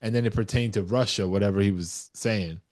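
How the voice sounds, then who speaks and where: New york dude on a dad podcast, lowish voice, animated storytelling, casual swearing. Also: male voice, fairly quick. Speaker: podcast co-host. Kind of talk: casual chat.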